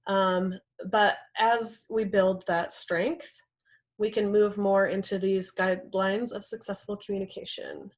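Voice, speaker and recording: A young adult woman instructor teaching a class in a conversational way, often checking in with "right?" and acting out example quotes. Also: medium pitch. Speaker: workshop instructor.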